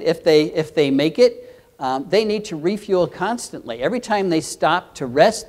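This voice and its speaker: A man's voice: a little high, darkish tone. An older man, a professor, giving a conference keynote lecture in an earnest, explanatory way, often restarting phrases. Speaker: keynote speaker, entomology professor.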